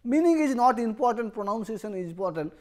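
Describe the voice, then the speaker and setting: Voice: medium pitch, lively intonation, darkish tone. A university lecturer who explains step by step, restarting often and repeating each term to make it stick. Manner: explanatory, repeats and rephrases terms; halting, with frequent restarts.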